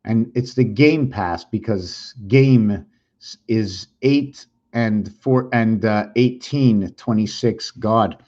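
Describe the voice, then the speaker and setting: A man's voice: on the low side, slow, a little mellow, highs cut off. A man thinking aloud as he draws and explains, rambling and musing, often unsure of himself. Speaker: video creator.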